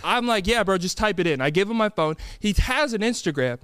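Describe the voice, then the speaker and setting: A man's voice: high voice, expressive, fairly quick, fairly bright tone, clean tone, no room sound, clean studio sound. A young man co-hosting a podcast, telling a rambling, anxious story in casual chat and acting out the people he quotes. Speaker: podcast co-host.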